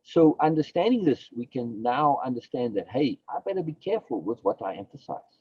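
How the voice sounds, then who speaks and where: A man's voice: mid-range voice, big pitch swings, a little fast, darkish tone, breathy edge, no echo, muffled recording. A man, a philosophy guest on a podcast, explaining his ideas emphatically, repeating key phrases and asking and answering his own questions.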